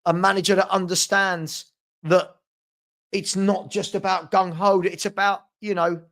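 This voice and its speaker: A man's voice: high-pitched, little pitch movement, normal speed, a bit bright. A man hosting a casual live fan chat, thanking viewers by name and answering the chat. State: hiccups. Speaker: fan channel host.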